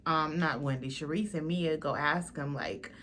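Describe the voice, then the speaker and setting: A woman's voice: sits low, normal speed, fairly bright tone, a little hiss or hum. A young woman hosting a casual reality TV recap, blunt and slangy, swearing freely and mimicking the cast.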